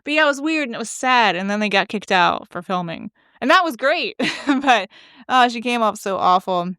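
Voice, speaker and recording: A woman's voice: a little high, animated, normal speed, a bit bright, no echo, studio quality. A woman podcast host telling a chatty, gossipy story, laughing often and filling her talk with likes. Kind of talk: casual storytelling monologue.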